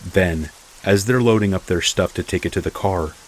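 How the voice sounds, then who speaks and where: A man narrating a first-person true horror story in a steady, measured way. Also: sits low, slight background noise, poor audio. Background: rain.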